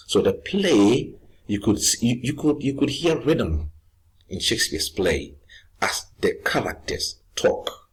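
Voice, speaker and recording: A man teaching a lesson, explaining slowly and patiently, repeating points and restarting phrases. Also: deep voice, husky. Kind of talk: recorded lesson.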